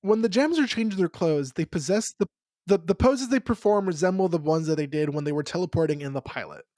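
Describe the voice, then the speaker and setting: A laid-back woman with a low voice co-hosts a cartoon recap podcast, dropping casual swears and deadpan asides. She is recorded close up in a dry room with no echo. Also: a little fast. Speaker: podcast co-host.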